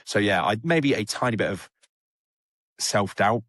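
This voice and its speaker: A young man tells his story plainly and candidly, his voice sitting low. The sound is dry and close, with little room in it. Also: expressive, unhurried, pauses often, fairly bright tone, no echo. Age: young adult. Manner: candid, plain-spoken, full of fillers. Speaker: rehab client guest. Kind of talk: casual storytelling.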